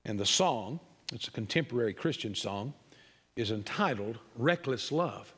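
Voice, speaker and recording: A man preaching a sermon, building emphatic repeated phrases and dropping low and quiet for asides. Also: animated, normal speed, breathy edge, in a large hall. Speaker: pastor.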